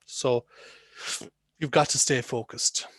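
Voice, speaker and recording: A man's voice: medium pitch, steady tone, slow pace, a bit bright. A man teaching an English listening lesson over a video call, talking conversationally and putting questions to his students. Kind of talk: online lesson.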